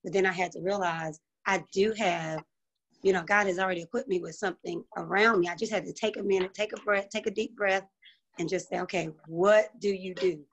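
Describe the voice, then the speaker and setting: A woman's voice: mid-range voice, steady tone, brisk, a bit bright, dull audio. A middle-aged woman, a restaurant owner, speaking on a business panel over a video call and telling her story with emotion and faith.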